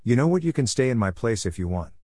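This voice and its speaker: A man voicing a friendly, excitable male cat in a read-aloud story. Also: medium pitch, fast, no echo, studio quality, voice pushed up.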